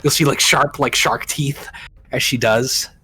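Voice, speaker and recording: A man's voice: medium pitch, steady tone, unhurried, sharp tone, husky. A man narrating a tabletop game as game master, rambling, with many ums and self-corrections.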